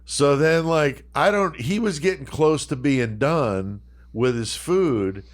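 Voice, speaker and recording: A man's voice: on the high side, lively intonation, slow pace. A man on a podcast telling a long, profane, laughing anecdote and acting out the quotes. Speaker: podcast co-host. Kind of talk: casual storytelling.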